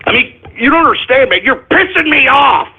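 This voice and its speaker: Man, radio host, comedic rant, exasperated, high lively voice, tinny lo-fi sound. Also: brisk. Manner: exasperated, swings between muttering and shouting. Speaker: internet radio show host. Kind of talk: comedic ranting radio monologue. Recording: tinny phone-like lo-fi audio.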